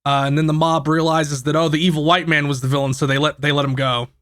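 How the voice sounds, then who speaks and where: Man, host, rambling movie plot recap, swears casually, slightly high, bright voice. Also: level tone, fast talker. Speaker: podcast host, main recapper.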